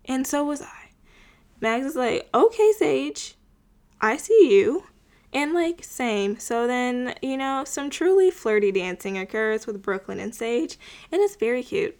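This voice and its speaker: A young woman casually recapping a TV episode, chatty and full of filler words, with wry asides. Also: on the high side. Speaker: show recapper.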